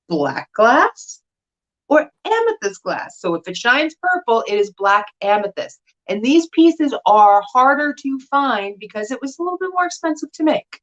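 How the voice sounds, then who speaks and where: A woman's voice: on the high side, fairly bright tone, muffled recording. A woman hosting a casual live stream, explaining things to her viewers in a chatty way with asides. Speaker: host of a live vintage sale. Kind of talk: casual livestream chat.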